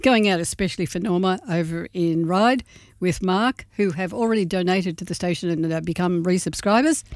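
A woman co-hosting a radio show, chatting casually and reading a gig guide in a warm, slightly rambling way. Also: fairly low pitch, a little fast, no echo, studio quality. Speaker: radio co-host. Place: radio studio.

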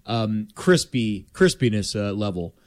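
A man's voice: lowish voice, very animated, measured pace. A man in casual sports chat, rambling and hesitant, drifting into playful comparisons.

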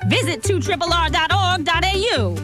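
A woman putting on a shrill bossy wife. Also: lively intonation, normal speed, over music. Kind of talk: comic radio promo skit.

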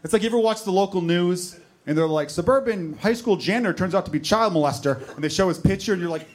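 A man in his thirties doing a stand-up comedy set, telling stories with animated asides. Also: high-pitched, fast, a little hiss or hum. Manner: animated storytelling with voiced asides.

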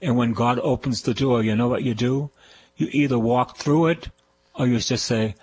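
A man's voice: mid-range voice, normal speed, a little mellow, husky, dry recording, poor audio. An older man with a Boston accent preaching a radio sermon, emphatic and repetitive as he exhorts his listeners. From Boston, USA.

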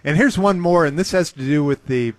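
A man hosting a show, chatting casually and recounting a comedy show he saw with relaxed enthusiasm. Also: a little high, a little fast, very noisy. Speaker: radio host. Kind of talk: casual chat.

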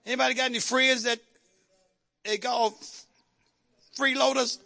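A male pastor preaching a fervent sermon, shouting at times and calling on the congregation to respond. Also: very high-pitched, little pitch movement, unhurried, gravelly.

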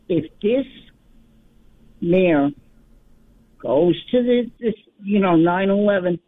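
A woman's voice: medium pitch, no echo. A woman calling in to a talk show, gushing with praise and speaking emotionally. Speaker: caller. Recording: tinny phone line.

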